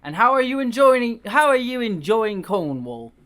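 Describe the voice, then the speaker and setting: A hearty, booming old country vicar , as a reader puts him on, fatherly and pleased with everyone. The put-on British accent lifts high and swings all over, with a bright, sharp edge. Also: big pitch swings, normal speed. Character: kindly elderly male country vicar. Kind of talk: comic dramatic reading.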